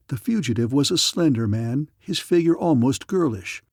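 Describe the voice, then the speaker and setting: A man reading a science fiction audiobook as narrator, in a dramatic, measured storytelling manner. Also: mid-range voice, expressive, darkish tone, no room sound, studio quality.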